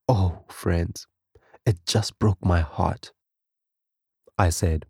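A man's voice: low voice, fairly even intonation, unhurried, dark tone, no echo, clean studio sound. A man giving an emotional spoken testimony, telling the story earnestly to his listeners.

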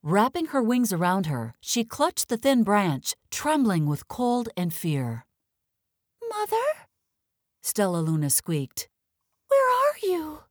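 A woman narrating a children's storybook in an expressive read-aloud style, slowing down for the dramatic moments. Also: lowish voice, no echo, clean studio sound.

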